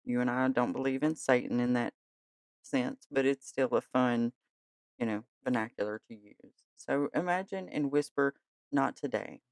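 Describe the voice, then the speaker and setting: A podcast host in a gentle, chatty way of talking, tired and yawning late at night. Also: mid-range voice, normal speed, no room sound. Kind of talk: casual podcast talk.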